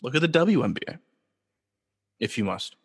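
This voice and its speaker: A man's voice: mid-range voice, very animated, moderate pace, vocal fry, husky, in a large hall. A man from Los Angeles hosting his own sports talk show, casual and joking, asking himself rhetorical questions. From Los Angeles, USA. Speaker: podcast host.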